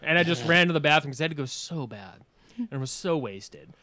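A man guesting on a podcast, telling a story in a casual, animated way, swearing freely and laughing as he goes. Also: a little high, brisk, no room sound. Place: podcast studio.

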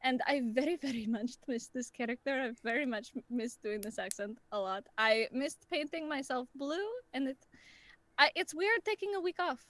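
A woman voice actor introducing herself casually before a tabletop game, excitable and swearing freely. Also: high-pitched, moderate pace. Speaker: player and voice actor. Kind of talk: casual chat and self-introduction.

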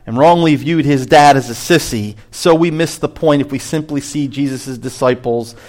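A man preaching a sermon as pastor, animated, rising high to stress a point and dropping low on asides. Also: normal speed.

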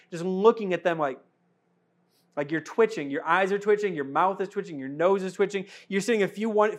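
Animated, high-voiced male preacher. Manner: conversational, animated, rhetorical questions. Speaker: pastor. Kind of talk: sermon.

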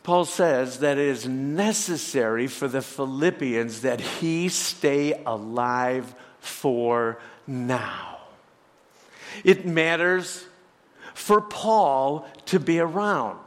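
Man, pastor, sermon, high-pitched, slow delivery, emphatic rhetorical questions, church hall reverb. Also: a bit bright.

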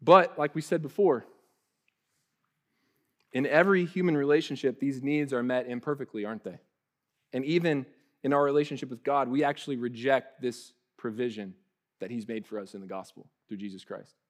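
A young man preaching a sermon in a lively, conversational way, often restarting his sentences. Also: mid-range voice. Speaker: pastor.

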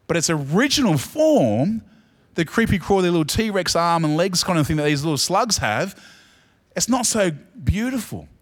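Animated Australian pastor preaching. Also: male voice, sits high, moderate pace. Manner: animated, swings from soft asides to loud emphatic peaks; chatty, joking asides with the congregation. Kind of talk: sermon.

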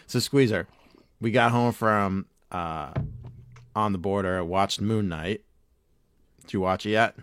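A man's voice: fairly low pitch, takes it slowly, long pauses, a bit bright, slight background noise. A man co-hosting a podcast in casual chat, rambling and swearing freely, laughing often. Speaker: podcast co-host.

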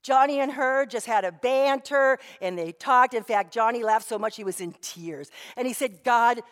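A woman's voice: fairly high pitch, moderate pace, fairly bright tone. Woman pastor, conversational storytelling sermon, frequent asides, voice ringing in a reverberant church hall.

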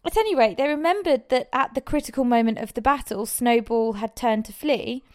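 A woman narrating an audiobook in a measured, steady way. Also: fairly high pitch.

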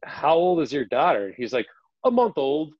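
A man chatting casually on a podcast, telling stories in a rambling way, full of fillers and sudden jumps in pitch. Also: moderate pace, no room sound, highs cut off. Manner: rambling, filler-heavy, animated storytelling.

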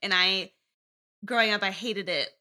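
A young woman talks candidly as a podcast guest, wandering from thought to thought and breaking into laughter. Her voice is very bright and forward, pitched in an ordinary middle range. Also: normal speed. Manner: rambling, candid, laughs often. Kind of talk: casual podcast interview.

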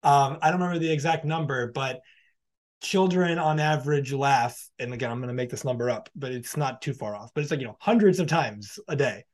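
Speaking fairly quickly in a medium-pitched voice, a man hosting a podcast reflects on what a guest shared. He's conversational and loose, leaning on lots of filler in this casual interview reflection.

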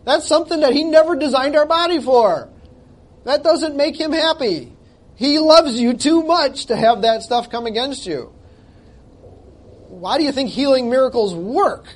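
High-voiced male pastor preaching. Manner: emphatic, conversational, jokes at himself. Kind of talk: sermon with scripture reading.

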